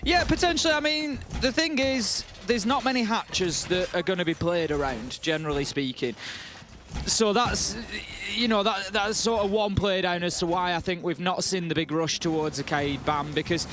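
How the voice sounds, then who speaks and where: A man's voice: sits high, normal speed, fairly bright tone, a little hiss or hum. A man giving color commentary on an esports match, eager and analytical in a conversational way. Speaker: esports caster.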